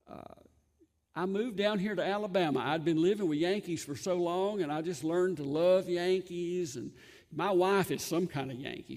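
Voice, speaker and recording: Male Southern US pastor, high voice, folksy humor, long church reverb. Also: darkish tone. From Southern United States. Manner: folksy, joking asides. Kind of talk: sermon.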